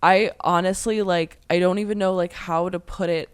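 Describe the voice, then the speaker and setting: A woman's voice: on the low side, fairly even intonation, normal speed, clear, resonant tone, no room sound. A woman in her twenties from Pennsylvania, chatting as a podcast guest in a rambling way full of "like". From Pennsylvania, USA. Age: 20s. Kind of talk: casual podcast chat.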